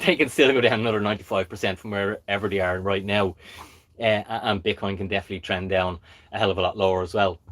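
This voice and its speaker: Blunt man, low voice. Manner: blunt, emphatic, keeps checking in with "okay?". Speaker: crypto channel host. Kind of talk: live-stream monologue.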